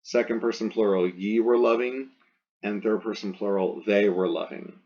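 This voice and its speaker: A man's voice: on the low side, steady tone, moderate pace, a little mellow, breathy edge, dull audio. A man teaching a recorded Latin grammar lesson, methodically walking through verb forms and repeating them to drill them.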